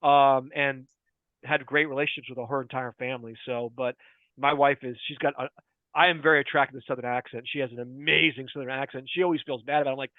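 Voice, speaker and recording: A man's voice: mid-range voice, steady tone, quick pace, dry recording. A man guesting on a podcast, a chatty storyteller who laughs often in casual talk. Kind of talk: casual chat. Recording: tinny phone-like line.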